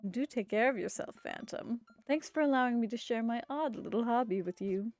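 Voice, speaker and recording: A woman voicing a soft-spoken, refined man who collects insects, speaking slowly and formally in a lowered voice. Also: no room sound, faint music behind, natural voice. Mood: gracious.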